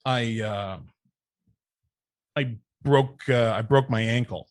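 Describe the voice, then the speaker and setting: A man's voice: mid-range voice, takes it slowly, no echo. A man telling stories with a laugh. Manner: animated, laughs through his anecdotes. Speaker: podcast guest, wrestling manager. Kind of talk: casual storytelling chat.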